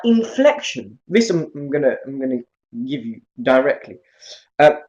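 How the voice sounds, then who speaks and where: A man teaching an Arabic grammar class, lecturing in a lively way and often checking in with his students. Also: fairly high pitch, highs cut off. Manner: lively, asks many questions.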